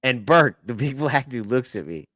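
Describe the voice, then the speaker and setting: A man's voice: medium pitch, animated, moderate pace, fairly bright tone. A man in the middle of his range, animatedly telling a story as a podcast host. He stumbles and restarts, drops the odd curse, and laughs partway through. The sound is dry, with no room echo. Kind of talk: casual storytelling chat.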